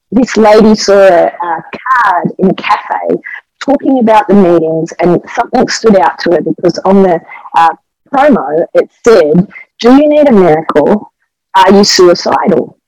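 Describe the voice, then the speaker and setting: A woman's voice: medium pitch, measured pace, vocal fry, a little mellow, dry recording, highs cut off. A middle-aged Australian woman, the wife of a pastor, tells church stories in an earnest and emotional way, with a lot of animation. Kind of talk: testimony storytelling on a podcast.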